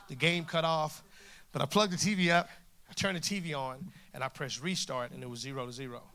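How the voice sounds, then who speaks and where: A man in his forties preaching a humorous sermon in a church, lively and jokey, acting out the dialogue in his stories. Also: on the high side. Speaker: guest preacher. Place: church stage before a congregation.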